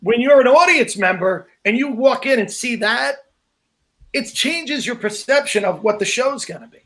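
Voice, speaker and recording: A man's voice: very high voice, animated, moderate pace, bright, forceful tone. A man, a comedian co-hosting a podcast, talking in an earnest, casual way. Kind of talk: casual chat.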